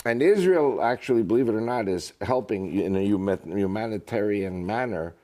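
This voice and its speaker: Animated, joking male interview guest. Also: lowish voice, moderate pace. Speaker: guest, author and politician. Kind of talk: casual interview talk.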